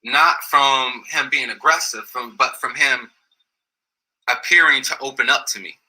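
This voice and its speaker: A man's voice: medium pitch, unhurried, bright, forceful tone, low-quality recording. A man telling a personal story in a casual, slangy, rambling way with many restarts. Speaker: guest.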